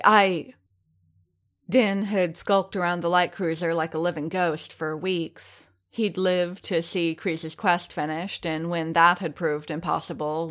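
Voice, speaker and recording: Woman narrator, story reading, steady measured delivery, lowish voice. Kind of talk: fan fiction reading.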